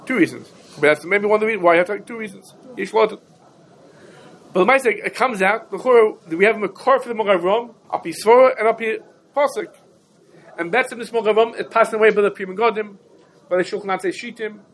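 A high-pitched man gives a Talmudic lesson. He fires off rhetorical questions and hammers points home through repetition. A faint hiss of noise sits under the voice. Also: quick pace, fairly bright tone, poor audio. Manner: rhetorical questions, emphatic repetition, Yiddish-Hebrew terms. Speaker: Torah teacher. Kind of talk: Talmudic shiur lecture.

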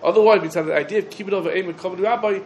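A middle-aged man teaching a halacha lesson, quick and animated, acting out little exchanges between people. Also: high voice, poor audio. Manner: quick, animated, quotes back and forth. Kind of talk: Torah lesson lecture. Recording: faint background noise.

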